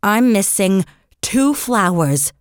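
A fussy, worried storybook mother, as a woman reader puts her on, coaxing her toddler in slow, emphatic words. Her voice lifts a little above the narration and swings with lively emphasis, close and dry. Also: mid-range voice, clean tone, no room sound, voice pushed up.

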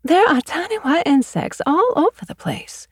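A woman's voice: sits high, sing-song, moderate pace, dry recording, studio quality, pitched above the performer's own voice. A woman reading an audiobook, voicing a fussy, gushing middle-aged mother who talks in a prim way.

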